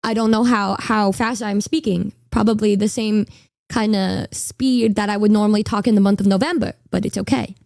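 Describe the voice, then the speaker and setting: A woman's voice: medium pitch, fairly even intonation, moderate pace, creaky, a little mellow, no room sound, clean studio sound. A woman in her twenties, a streamer telling a story in casual chat, rambling and stammering with a bashful, giggly manner.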